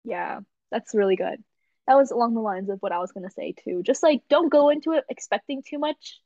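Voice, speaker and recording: A young woman hosting a podcast, telling a story in a casual, animated way with frequent laughs and filler words. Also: fairly high pitch, brisk, dry recording. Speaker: podcast host. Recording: dull lo-fi dry recording.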